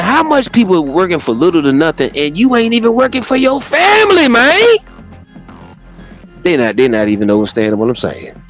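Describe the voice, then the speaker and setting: A man hosting a livestream, reading a text aloud and breaking off into loud, profane commentary. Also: sits high. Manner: animated, profane, reads a text aloud and riffs on it. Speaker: livestream host.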